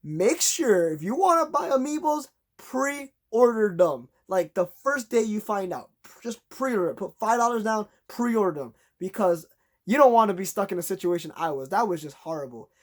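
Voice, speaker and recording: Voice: mid-range voice, animated, normal speed. A vlogger telling a long, exasperated story in a casual rant, acting out conversations in a raised voice.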